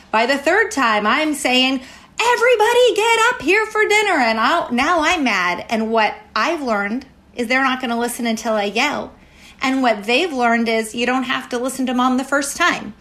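Emphatic higher-voiced woman giving parenting advice. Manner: energetic, emphatic, repeats key phrases. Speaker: parenting educator guest. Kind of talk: advice talk.

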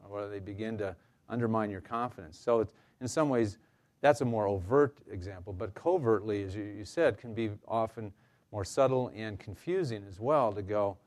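Male counselor, low voice, relaxed workshop delivery, lots of "uh"s, dry humor, live room. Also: normal speed. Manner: conversational, many fillers and restarts, light humor. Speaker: counselor leading a staff workshop. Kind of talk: informal workshop presentation.

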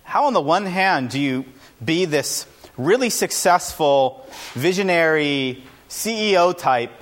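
A man giving an informal, energetic talk to a live audience as an entrepreneur, with punchy lines and self-deprecating asides. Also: a little high, unhurried.

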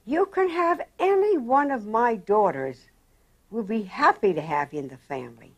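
A woman's voice: on the high side, expressive, normal speed, highs cut off, pitched above the performer's own voice. An older woman voicing an eager mother offering any of her daughters in marriage.

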